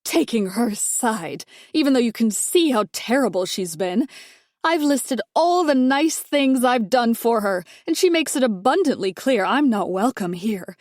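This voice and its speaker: A woman's voice: a little high, animated, measured pace, no room sound, pitched above the performer's own voice. A disdainful older mother-in-law from a suspense audiobook, all cool condescension and cutting remarks, voiced by a woman narrator. The delivery is dry and close, with no room around it. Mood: aggrieved.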